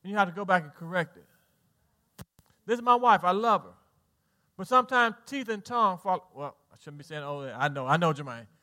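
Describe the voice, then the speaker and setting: A Southern US man in middle age preaches a sermon to his congregation. His voice sits high and sounds bright and forceful. He drops soft and low, then rises loud, with folksy asides. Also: lively intonation, fairly quick, pauses often. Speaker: pastor.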